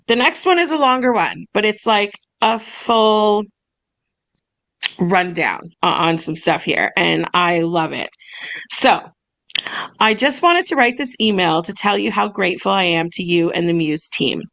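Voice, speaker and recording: A woman's voice: mid-range voice, animated, measured pace, vocal fry, fairly bright tone. A young woman co-hosting a podcast in casual chat, bubbly and laughing often as she reads emails aloud. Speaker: podcast co-host, massage business owner.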